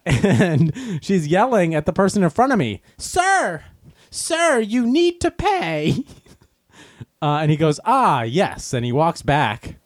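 A man's voice: a little high, dry recording, studio quality. A man on a livestream chatting casually to his viewers, rambling through a story, correcting himself and acting out the people in it. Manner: acts out quoted voices.

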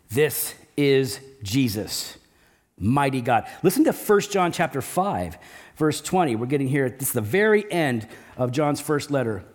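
A man preaching a sermon, emphatic and repetitive, often dropping his voice low and slow to stress a point. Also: animated, darkish tone. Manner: emphatic, repeats key phrases, drops low and slow for stress. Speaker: pastor.

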